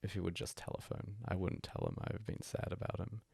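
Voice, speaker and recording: A man reading a bedtime story aloud as a hushed, breathy first-person monologue. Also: low-pitched, wildly swooping pitch, a little fast, no echo. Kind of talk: soft-spoken story reading.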